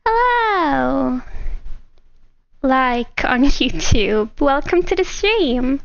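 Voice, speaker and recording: A woman streamer chatting casually with her live chat, giggly and excitable. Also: high-pitched, extremely slow, vocal fry, no room sound, dull audio.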